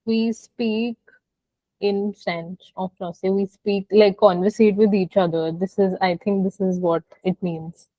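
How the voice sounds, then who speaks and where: A woman's voice: medium pitch, steady tone, unhurried, warm tone, dry recording, low-quality recording. A woman student giving tentative, unsure answers in a class.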